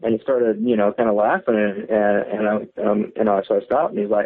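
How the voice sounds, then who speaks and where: A man's voice: fairly low pitch, a little fast, few pauses. Man on a tinny phone line. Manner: rambling, many fillers and restarts. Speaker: caller. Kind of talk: casual storytelling on a call-in show.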